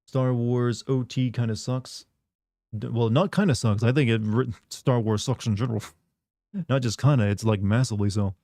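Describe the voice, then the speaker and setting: A man's voice: mid-range voice, normal speed, mellow, no echo, clean studio sound. A man streaming a game, chatting casually with viewers in a rambling, sardonic way. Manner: rambling, sardonic, many "like" fillers.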